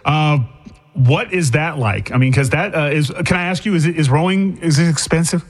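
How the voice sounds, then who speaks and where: A man's voice: fairly high pitch, normal speed. A male radio host from the Boston area, asking chatty, jokey questions that stumble and restart. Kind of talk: casual radio interview.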